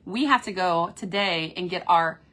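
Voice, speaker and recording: A woman with a Kentucky accent, chatting upbeat and fast from a cruise ship cabin while reading viewer comments aloud on her phone. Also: fairly low pitch, bright, forceful tone. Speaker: cruise vlogger host. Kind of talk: casual live-stream chat.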